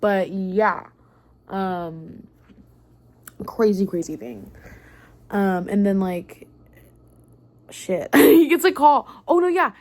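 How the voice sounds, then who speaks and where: A young woman recapping a book in a casual, excitable rant, swearing freely and filling her talk with "like" and "um". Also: medium pitch, takes it slowly, long pauses. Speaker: book vlogger.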